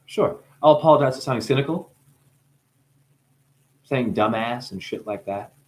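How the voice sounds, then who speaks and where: A man who is high, talking in a rambling, profane monologue. His voice swings from low mumbling to sudden high exclamations. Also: animated, moderate pace. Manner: profane, playful. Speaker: spiritual video maker.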